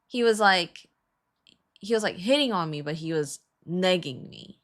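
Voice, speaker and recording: A woman's voice: lowish voice, a little slow. A woman streamer co-hosting with her husband, telling a story in casual chat, laughing and swearing freely. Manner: animated, laughing, swears freely, many fillers.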